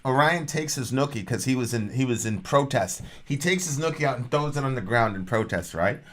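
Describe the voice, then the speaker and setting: A man's voice: mid-range voice, lively intonation, brisk, fairly bright tone, slight background noise. A man co-hosting a podcast, telling family stories in casual banter and teasing his partner in an argumentative way. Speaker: podcast co-host.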